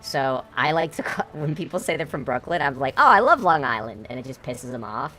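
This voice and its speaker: A woman's voice: very deep voice, a little fast, a bit bright, faint music behind. A woman from upstate New York streaming while gaming, chatting casually and bluntly, swearing freely, through a voice changer.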